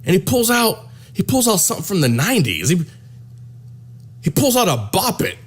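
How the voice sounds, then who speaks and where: A man telling a crude comic story, animated and profane, often repeating himself. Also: high-pitched, normal speed, breathy edge. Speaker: comedic storyteller.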